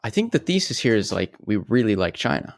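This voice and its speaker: Man, podcast co-host, teasing, casual, low voice, dry. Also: very animated, dry recording. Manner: teasing, quick back-and-forth reactions. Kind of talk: casual chat.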